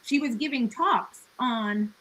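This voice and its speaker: A woman's voice: fairly high pitch, takes it slowly, fairly bright tone, rough recording. A woman talking as a podcast guest in a casual conversation. She is earnest and reflective, with many "like" and "you know" fillers and laughs between her thoughts.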